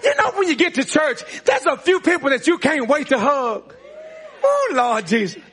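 A man's voice: very high-pitched, big pitch swings, moderate pace, fairly bright tone. A man preaching a sermon in a church, calling out to the congregation and laughing often. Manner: preaching with call-and-response, frequent laughter. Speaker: pastor. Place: church sanctuary.

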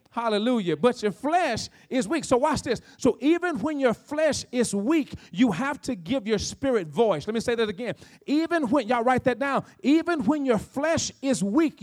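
A middle-aged man preaching a sermon as pastor, calling out to the congregation and asking for responses, building from soft, low passages to loud, high exhortation. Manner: calls out to the congregation, asks for responses.

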